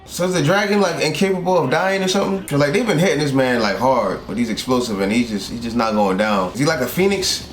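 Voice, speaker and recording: A young man from South Carolina, reacting to an anime in casual, excitable and profane commentary from a room at home. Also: mid-range voice, fast talker, few pauses, faint music behind. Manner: excitable, profane, animated outbursts. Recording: roomy echo, faint background hiss.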